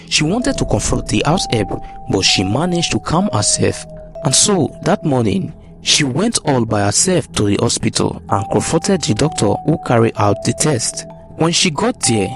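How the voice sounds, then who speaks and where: A man narrating a folktale as storyteller. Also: medium pitch. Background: background music.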